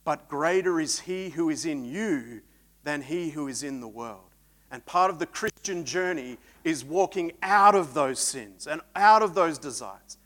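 A man preaching a sermon, swinging between loud emphatic peaks and quiet reflective stretches. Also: a little high, expressive, a little slow.

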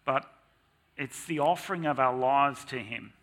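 A middle-aged man preaching a sermon in church, lively and dramatic, at times mock-shouting to make his points. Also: medium pitch, unhurried.

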